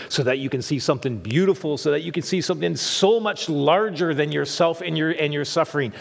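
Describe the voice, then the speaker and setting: A middle-aged male pastor preaches with an earnest voice, repeating his key phrases and sinking to a hushed tone before rising again. His voice sits mid-range for a man, and it rings out with a long reverb, as in a church hall. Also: mid-range voice, gravelly, husky. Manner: earnest, repeats phrases for emphasis, drops to a hush then lifts. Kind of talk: sermon.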